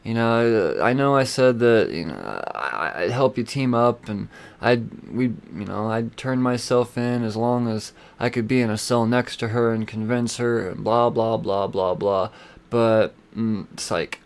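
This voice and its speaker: A man's voice: on the low side, unhurried, gravelly. A man voicing a sly male villain who goes back on his word, talking in a dismissive, slangy, rambling way.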